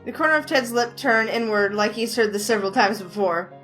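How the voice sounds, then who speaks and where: A woman's voice: a little high, animated, fairly quick, a bit bright, faint music behind. A woman hosting a gaming video, narrating a visual novel with chatty, giggly asides at a desk mic.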